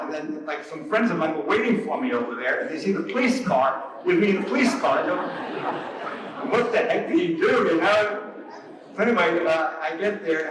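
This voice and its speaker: Jokey storytelling preacher in an echoey room. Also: male voice, a little high, fairly bright tone. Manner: jokey anecdotal storyteller, laughs at his own jokes, mock outrage. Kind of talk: storytelling sermon. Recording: echoey, from far off the mic.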